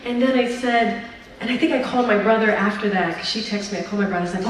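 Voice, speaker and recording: A woman speaking as the featured guest at an event, telling stories in a lively, chatty way. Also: medium pitch, rapid-fire. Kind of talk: speech and onstage Q&A. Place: large event hall at a brunch. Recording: echoey hall, mic picked up from a distance.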